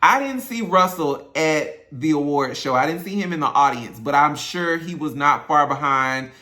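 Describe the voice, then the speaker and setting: In an animated, fairly high-pitched voice with a sharp tone, a man talks at normal speed. He's a singer and YouTube host giving his viewers a chatty, opinionated awards show recap on his channel, addressing them directly.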